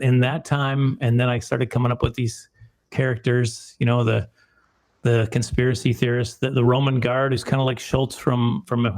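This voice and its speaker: A man, a film producer, telling a long rambling story in a casual interview, self-deprecating and often restarting his sentences. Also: medium pitch.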